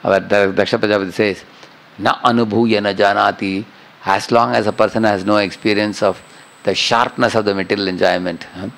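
Middle-aged man, lecturer; low, creaky, conversational teaching that keeps checking in with listeners. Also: steady tone, fairly quick, a bit bright, rough recording. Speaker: spiritual teacher. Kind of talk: scripture class lecture.

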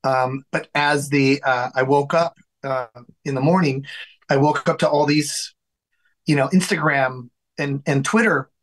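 A man being interviewed in his home studio, telling a long story with lively acted-out dialogue and many restarts. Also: mid-range voice, a little slow, poor audio. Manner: animated storyteller who acts out quoted dialogue; frequent restarts and repeated words. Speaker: guest, singer and songwriter.

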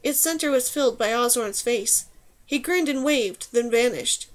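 A woman's voice: on the high side, moderate pace. Woman narrating a fantasy audiobook. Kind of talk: scripted narration.

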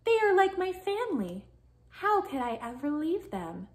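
A gentle, polite little hermit crab, as a woman reads him aloud for a children's storybook. He speaks sweetly and admiringly, a touch higher than plain talk, with a lively, sing-song lift. Every request comes out courteous and warm. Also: normal speed. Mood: tender.

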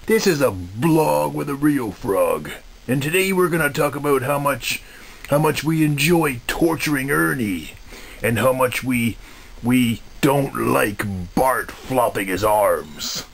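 Smug takeover puppet frog, voiced by a man: low-key, very slow, sly. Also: expressive, gravelly, exaggerated voice. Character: male puppet frog taken over, smug and mean. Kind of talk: puppet comedy video.

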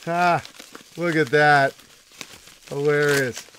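High-voiced, casual male streamer. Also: steady tone, slow, a bit bright, a little hiss or hum. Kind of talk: casual chat.

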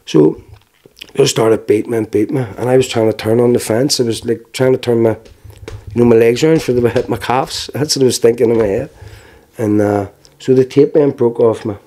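A man in his forties with a Belfast accent, giving frank personal testimony in an interview, telling it plainly with halting restarts. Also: mid-range voice, dark tone. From Northern Ireland.

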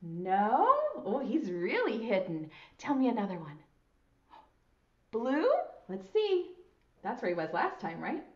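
A woman's voice: medium pitch, big pitch swings, fairly bright tone. Sing-song preschool teacher woman, roomy sound. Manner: sing-song, slow and exaggerated, with frequent praise. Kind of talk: teaching young children on video. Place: school. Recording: roomy, slightly dull lo-fi sound.

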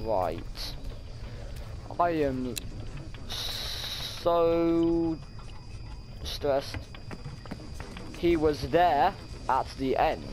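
A man's voice: mid-range voice, noisy background. A young man commenting on a horror game, muttering nervously to himself and breaking into sudden startled shrieks. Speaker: gaming channel host.

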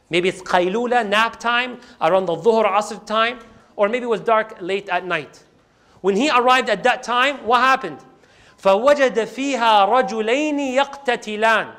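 A man telling a sermon story in animated style, acting out scenes and reciting verses. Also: high-pitched. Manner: animated, acts out the scenes, quotes Quranic Arabic. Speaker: Islamic preacher.

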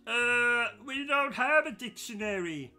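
A very high, smooth voice of a man playing a timid, dim manservant. He speaks slowly and hesitantly, bright in tone, with faint music behind him. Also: lively intonation, heavily acted. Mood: meek. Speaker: sidekick.

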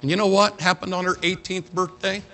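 Animated preacher with a bright, tense voice. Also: male voice, sits high, a little fast. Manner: animated storytelling, swings from loud to hushed. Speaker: pastor. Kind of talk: sermon. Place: church sanctuary.

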